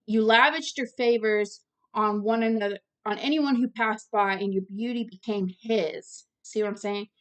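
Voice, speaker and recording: A woman of ordinary pitch reads scripture aloud in an earnest, plain way. She breaks off to comment directly to her listeners. She sometimes trips over long words and tries them again. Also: moderate pace, a bit bright. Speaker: Bible teacher.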